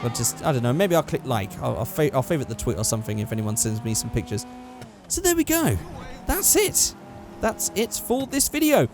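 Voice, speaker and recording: A man's voice: mid-range voice, big pitch swings, fairly quick, music in the background. A young man giving rambling, casual gameplay commentary, swearing freely and correcting himself as he goes. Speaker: gaming YouTuber.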